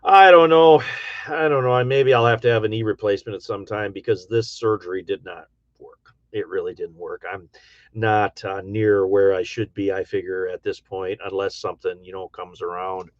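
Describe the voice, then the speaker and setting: A middle-aged man hosts a livestream and reads out chat, rambling folksy and casual with frequent ums and uhs in an Upper Midwest Michigan accent. His low voice shows little pitch movement at a moderate pace, and the lo-fi audio is dull and dry without echo.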